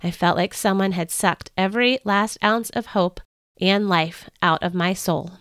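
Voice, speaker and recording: A woman hosting a podcast, reading a first-person story in an earnest, expressive way. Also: medium pitch, a little slow, clean tone, soft background music. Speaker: podcast host.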